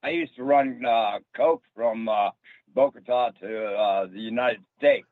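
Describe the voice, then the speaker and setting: A man's voice: mid-range voice, unhurried, no room sound. A man hosting a casual chat, laid-back and calling his guest "bro". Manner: laid-back, says "bro", short reactions. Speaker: host. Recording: dull lo-fi dry sound.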